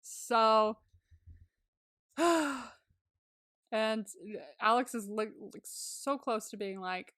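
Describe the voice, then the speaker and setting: A woman's voice: medium pitch, fairly even intonation, takes it slowly, pauses often, a bit bright, smooth, no room sound, clean studio sound. A woman co-hosting a podcast, chatting casually and giggling often as she recaps a movie, with lots of 'like' in her speech. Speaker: podcast co-host.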